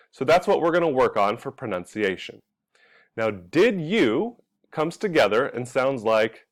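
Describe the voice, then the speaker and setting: A young man from California teaching English pronunciation, talking slowly and clearly and drawing out the example sounds. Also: medium pitch. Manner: drawn-out, exaggerated sounds when modeling examples.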